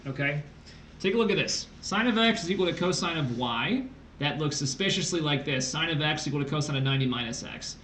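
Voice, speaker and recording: Male tutor, a touch high-pitched, explains math aloud with jokey asides; roomy echo on the recording. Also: animated, fairly quick, fairly bright tone, a little hiss or hum. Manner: works through problems aloud, playful asides. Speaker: test prep tutor. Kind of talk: livestreamed math lesson.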